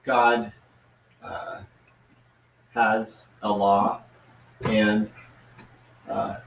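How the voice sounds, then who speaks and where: A man student gives a hesitant answer in class, his words coming very slowly and in a flat, low voice. He is heard from well away from the microphone. The room is echoey, with faint ambient noise around him. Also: far from the mic. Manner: hesitant, slow and halting.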